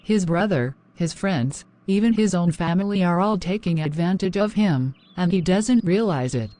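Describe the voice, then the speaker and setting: A woman doing a worried wife, mellow and low, anxious, scripture-quoting. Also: lively intonation, moderate pace, natural voice. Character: worried wife of a generous man.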